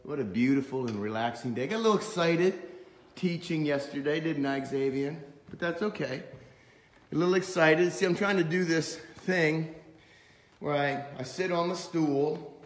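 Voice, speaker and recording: A man's voice: a little high, moderate pace. A man who is a pastor, walking and chatting in a casual vlog, joking and mocking himself, first outside on the church grounds and then inside a sanctuary, talking into a handheld camera. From small-town Pennsylvania, USA. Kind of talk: casual vlog walk-and-talk.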